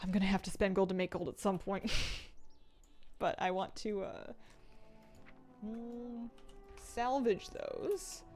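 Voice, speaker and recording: A woman streaming a video game, chatting casually with her viewers, laughing often and switching to high baby talk with her pets. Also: steady tone, slow, pauses often, darkish tone, soft background music.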